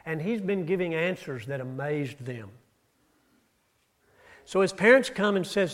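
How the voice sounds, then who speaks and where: A man's voice: lively intonation, normal speed. Man preaching a storytelling sermon. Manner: storytelling, rises and drops in pitch and loudness. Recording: audio-only church recording.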